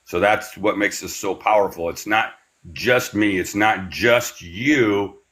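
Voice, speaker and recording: A man with a fairly low yet bright, forward voice leads a spiritual class. He rambles along unhurriedly with plenty of fillers, then eases into slow, soothing breathing instructions. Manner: meandering, unhurried talk with many fillers. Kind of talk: guided breathing meditation class.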